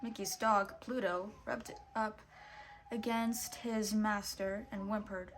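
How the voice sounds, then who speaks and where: A woman reading a picture book aloud, expressive and lively, putting on voices for the characters. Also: medium pitch, takes it slowly, slight background noise. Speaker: storybook reader.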